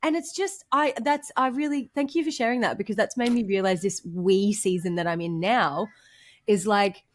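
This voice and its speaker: A woman's voice: medium pitch, moderate pace. Bubbly young woman chatting. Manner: bubbly, laughs often, lots of "like". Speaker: podcast co-host. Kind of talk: casual chat.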